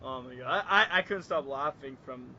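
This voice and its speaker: A man's voice: medium pitch, normal speed, highs cut off, a crowd in the background. A young man from Canada co-hosting a casual podcast, rambling with lots of fillers and breaking into giggles. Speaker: podcast co-host. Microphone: online voice call.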